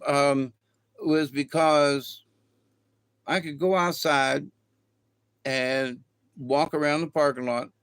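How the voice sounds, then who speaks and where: A man's voice: fairly high pitch, a bit bright, dry recording, clean studio sound. A middle-aged man rambling casually in a folksy, colloquial way through a spiritual monologue. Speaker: vlogger.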